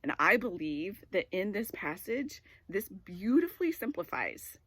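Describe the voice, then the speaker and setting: A woman's voice: mid-range voice, big pitch swings, measured pace, a bit bright, breathy edge, no echo. A woman in her forties giving a casual devotional talk. She tells a personal story in a rambling way with many filler words. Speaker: devotional speaker.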